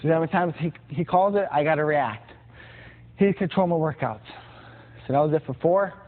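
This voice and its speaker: A man teaches boxing combinations, calling out each punch and counting through the moves as he demonstrates them. His voice sits a bit high. The sound is thin and phone-like, with steady noise underneath. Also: normal speed. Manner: plain, repetitive instruction with punch sounds. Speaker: boxing instructor.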